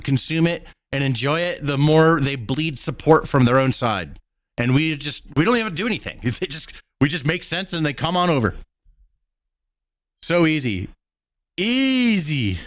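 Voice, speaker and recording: A man's voice: fairly high pitch, a little fast, dry recording, studio quality. A man hosting political reaction commentary, talking bluntly and mockingly and swearing freely as he reacts to clips. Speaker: commentary host.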